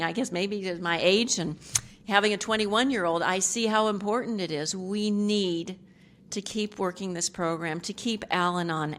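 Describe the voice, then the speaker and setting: Middle-aged woman, low-ish voice, candid recovery-meeting testimony, rambling asides, self-deprecating humor. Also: a bit bright, slight background noise. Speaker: speaker at a recovery group meeting. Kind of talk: personal testimony.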